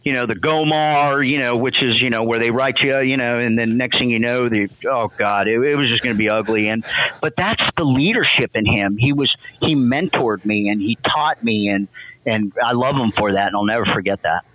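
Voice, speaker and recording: A man's voice: medium pitch, dry recording. Veteran man telling stories over a phone line. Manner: emotional, halting, many restarts. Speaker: guest, veteran and company president. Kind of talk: interview storytelling. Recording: tinny phone line, dry.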